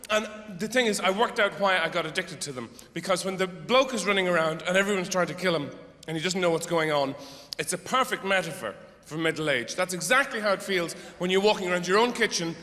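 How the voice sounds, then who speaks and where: In an echoey theater hall with a faint audience, a middle-aged comic performs live stand-up, rambling, sardonic, swearing freely, and breaking into outbursts. His high voice is pushed and bright, fairly quick, with hardly any pauses and slight background noise.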